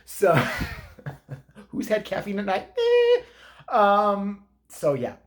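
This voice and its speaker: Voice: medium pitch, huge pitch swings, very slow, full character voice. Someone playing a foul-mouthed rambling granny. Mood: ranting. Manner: crude, rambling, profane. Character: crude, opinionated old grandmother. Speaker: comedy vlog character. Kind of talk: comedic rant.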